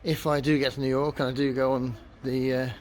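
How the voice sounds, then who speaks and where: A man's voice: medium pitch, flat delivery, a little fast. Chatty man vlogging outdoors, noisy. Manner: chatty and rambling, many fillers. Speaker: travel vlogger. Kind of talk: casual vlog narration to camera. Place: outdoors, sightseeing on foot and by water. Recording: outdoor noise behind voice.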